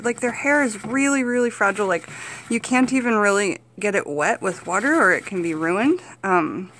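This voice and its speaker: A woman's voice: medium pitch, a little hiss or hum. A young woman chatting casually to her camera while coaxing her pet chinchilla with sing-song encouragement. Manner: coaxing, sing-song baby talk to a pet, with soft giggles. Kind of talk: casual pet vlog chat. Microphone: phone camera held in hand.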